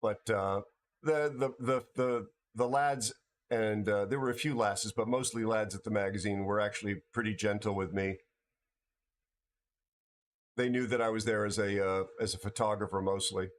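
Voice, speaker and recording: Tired, halting American man. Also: lowish voice, steady tone. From United States. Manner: rambling, halting, many restarts and fillers. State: tired from no sleep. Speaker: livestream host. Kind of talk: casual livestream chat with viewers.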